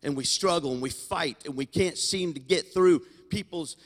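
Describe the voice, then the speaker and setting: Male pastor preaching a sermon, animated storyteller, fairly high voice, long church reverb. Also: normal speed. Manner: animated storytelling, swinging loud to quiet. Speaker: senior pastor. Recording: long hall reverb in a sanctuary.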